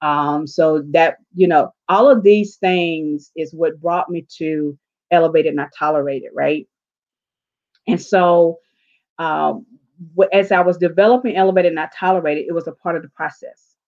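The recording is muffled, and her low voice moves at a moderate pace. Interviewed about her story, this southern U.S. life coach stays animated, performing her own quoted lines.

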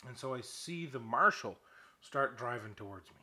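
A man's voice: medium pitch, lively intonation, normal speed, crowd noise. A young man telling a rambling, profane story in casual chat, ranting with laughs.

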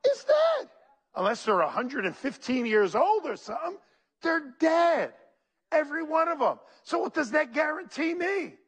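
This male pastor speaks at a moderate pace in a very high-pitched voice. Preaching with animation, he reads scripture aloud and calls out to the people in his congregation.

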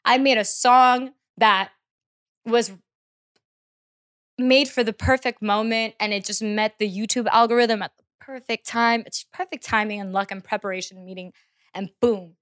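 Young woman guest, slightly high voice, blunt and salty, animated storyteller. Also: moderate pace. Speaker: guest musician. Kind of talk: casual podcast interview.

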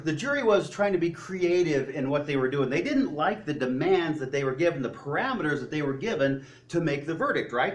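Lively man preaching a sermon. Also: a little high. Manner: animated storytelling with joking asides. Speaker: pastor.

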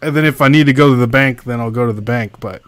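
A man's voice: mid-range voice, quick pace, fairly bright tone, dry recording. A man hosting a casual livestream, greeting viewers by name and reading their chat comments aloud. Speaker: livestream host.

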